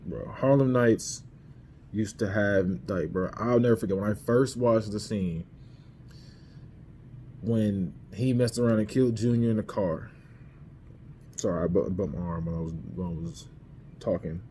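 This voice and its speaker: A man's voice: fairly low pitch, a little slow, long pauses, warm tone, a little hiss or hum. A man hosting a podcast, casually ranking movies in slangy talk and laughing as he retells scenes into a camera mic. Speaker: podcast host reviewing movies.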